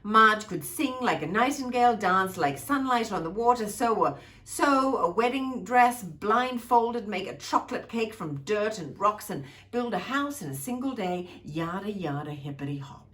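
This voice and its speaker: Woman reading a storybook to kids, slow pace, lively up-and-down voice, playful. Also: a little high. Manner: expressive, playful, showing pictures. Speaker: childcare storyteller. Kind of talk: reading a picture book aloud to children.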